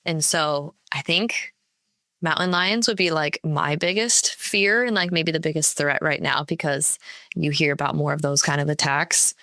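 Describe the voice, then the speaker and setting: A woman's voice: low-pitched, normal speed, pushed and bright, no echo. A woman from the Pacific Northwest, a podcast guest talking in an easygoing, hesitant way. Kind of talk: casual interview chat.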